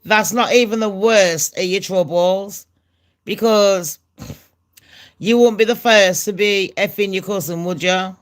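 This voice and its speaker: Nasal middle-aged woman, brash and sweary, casual gossip vlog, mid pitch. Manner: brash, sweary, fast and chatty. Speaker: gossip channel host.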